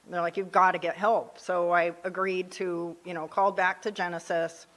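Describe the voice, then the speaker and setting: A woman's voice: lowish voice, level tone, normal speed, a bit bright. A woman in her late forties telling her own story of getting sober, candid and emotional, often voicing her past thoughts. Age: 40s. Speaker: recovery speaker. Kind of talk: personal recovery story at a meeting.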